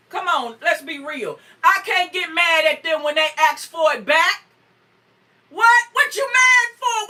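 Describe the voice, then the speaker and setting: A woman preacher from North Carolina, preaching fervently with frequent whoops and shouts and greeting listeners by name. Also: very high voice, recorded from a distance. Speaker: preacher on a morning show. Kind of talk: sermon.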